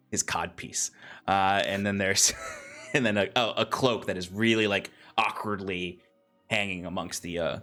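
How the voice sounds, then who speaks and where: A man runs a fantasy tabletop game, describing the scene in a loose, rambling way full of fillers. His voice sits low, with faint music underneath. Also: fairly bright tone. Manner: rambling, laughing, many fillers. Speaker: game master.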